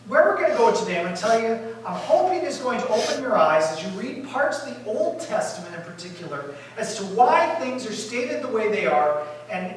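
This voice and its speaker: A male pastor telling a story in a sermon, lively and animated, acting out the disciples' panic and dropping to quiet asides. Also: sits high, a little hiss or hum. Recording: echoey room from far off.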